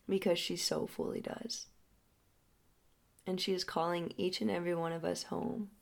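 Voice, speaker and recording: A young adult woman speaking slowly and softly as a healing guide, often sinking into a breathy half-whisper. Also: medium pitch. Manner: slow, soft and drawn out, often dropping into a breathy half-whisper. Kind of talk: reflective spoken storytelling.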